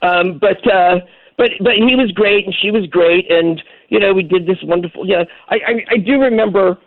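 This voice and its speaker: A man with a fairly high voice tells an animated story and acts out the people he quotes. He comes through a tinny phone line, and the sound is dry, with no room echo. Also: moderate pace. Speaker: guest architect. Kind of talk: storytelling on a radio call-in show.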